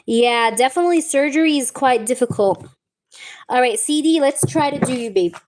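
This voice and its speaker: A young woman reading tarot live, chatting warmly with viewers and calling them babe and baby girl. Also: sits high, lively intonation, normal speed. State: recovering from a wisdom tooth removal. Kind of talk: live-stream chat with viewers.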